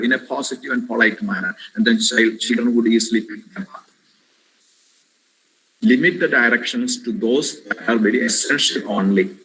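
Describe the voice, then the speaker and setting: Addressing his audience as "my dear friends," a man with an Indian English accent gives an impassioned, preacherly webinar talk on parenting and repeats key words to drive them home. His voice is medium-pitched, bright and forceful. The audio is poor, picked up by a webinar headset or computer mic with a little hiss or hum.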